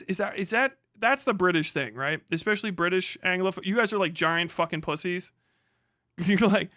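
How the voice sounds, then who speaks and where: A man's voice: sits high, lively intonation, moderate pace, sharp tone, no echo, studio quality. A man streaming live, chatting in a rambling, profane way and laughing often. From United States. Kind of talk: casual live-stream commentary.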